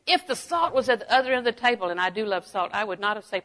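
Fast and forceful with hardly a pause, her fairly high, bright voice delivers a sermon-style Bible lesson. Personal stories lead into emphatic declarations that hammer each point home.

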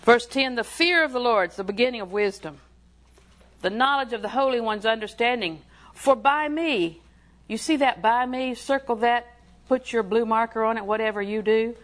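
A woman's voice: a little high, fairly quick. A woman preaching a sermon in a folksy, emphatic way, often putting questions to her listeners.

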